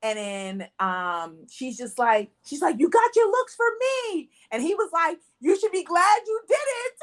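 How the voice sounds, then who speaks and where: A woman's voice: very high-pitched, sing-song, unhurried. A woman co-hosting a casual movie review podcast, animatedly retelling scenes, acting out quotes and laughing often. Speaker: podcast co-host.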